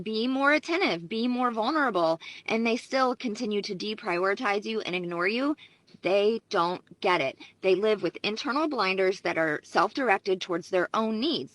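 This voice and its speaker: A woman psychologist explaining relationship patterns in a clear, confident manner. Her voice is bright and forward, recorded dry and close. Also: medium pitch, no echo, low-quality recording. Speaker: social psychologist. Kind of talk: advice video to camera.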